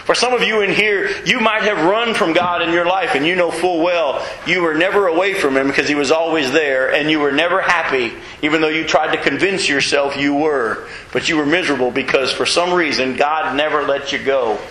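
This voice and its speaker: Animated preacher with a bright, echoey voice. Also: male voice, fairly high pitch, fairly quick, hardly any pauses, a little hiss or hum. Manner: animated preaching, asks the congregation questions. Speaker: pastor. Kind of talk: sermon. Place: church.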